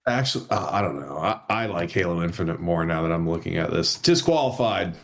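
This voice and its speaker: Hesitant man thinking out loud. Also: low voice, animated, brisk. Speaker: podcast co-host. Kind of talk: casual chat.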